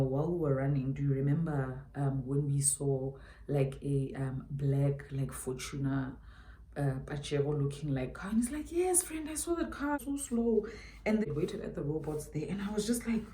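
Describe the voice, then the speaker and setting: Low-voiced South African woman, emphatic. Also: dark tone, echoey room, a little hiss or hum. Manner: emphatic, repeats her points, chatty asides. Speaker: beauty YouTuber. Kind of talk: storytime while doing makeup.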